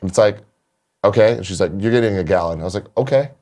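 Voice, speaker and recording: Animated swearing male show host. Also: lowish voice, quick pace. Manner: animated storyteller, swears freely. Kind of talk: casual chat.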